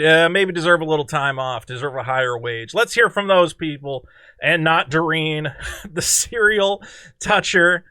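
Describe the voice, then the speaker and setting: A man with a high, bright voice reacts in a sarcastic commentary vlog. He talks in an animated way, full of exclamations and mock disbelief. The sound is dry and close. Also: smooth, no echo. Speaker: online commentator.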